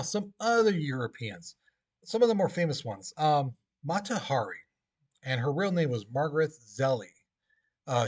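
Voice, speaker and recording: Chatty male teacher giving a lecture. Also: fairly high pitch. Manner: casual, chatty, many fillers and "okay?" checks. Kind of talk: classroom lecture to students.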